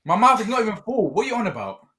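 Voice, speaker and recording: A man chatting casually as a watch-along co-host, joking around and getting excited at chances. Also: high-pitched, rapid-fire, a crowd in the background. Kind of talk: casual fan chat.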